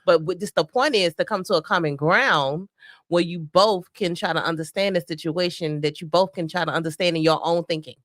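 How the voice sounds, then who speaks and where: A woman's voice: lowish voice, brisk, no echo, clean studio sound. A woman from the Southern United States co-hosting a marriage podcast, speaking earnestly and openly about her feelings. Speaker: podcast co-host. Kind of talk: casual conversation with spouse.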